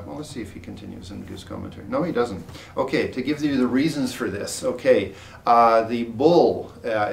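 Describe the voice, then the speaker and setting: A man teaching a class, reading a ritual text aloud and explaining it, pausing often with fillers and correcting himself. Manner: halting, many uh fillers and self-corrections. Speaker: Buddhist teacher. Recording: roomy, distant mic with faint rumble.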